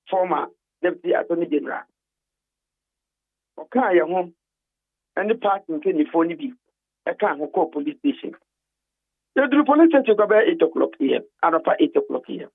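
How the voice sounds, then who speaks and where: A man phones in to a radio talk show, his high voice coming through a thin, tinny phone line. He talks emphatically and drives his points home by repeating words over and over. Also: lively intonation, normal speed, long pauses, no room sound. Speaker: phone-in guest. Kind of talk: animated phone-in account.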